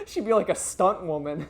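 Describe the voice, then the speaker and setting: Woman streamer, loose and profane, animated delivery. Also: fairly low pitch. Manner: animated, swears a lot, laughs often. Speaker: let's play streamer. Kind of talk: casual gameplay commentary.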